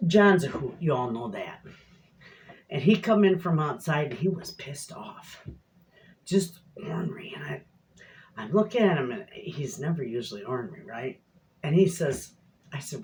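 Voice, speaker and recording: A woman's voice: sits low, sing-song, normal speed, darkish tone. A middle-aged woman chatting casually to viewers in her home kitchen, a rambling, folksy storyteller. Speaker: homestead cooking vlogger.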